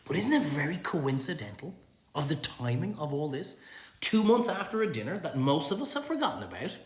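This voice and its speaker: Animated, sweary Irish man ranting. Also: on the high side, brisk. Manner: animated, profane, sarcastic. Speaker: vlogger. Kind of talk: ranting monologue. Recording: roomy echo.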